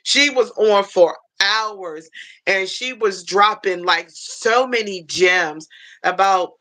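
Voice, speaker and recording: A woman with a mid-range voice hosts a casual livestream chat, speaking slowly in a sharp tone. She's chatty and rambles, restarting often, and comes across heartfelt and openly emotional.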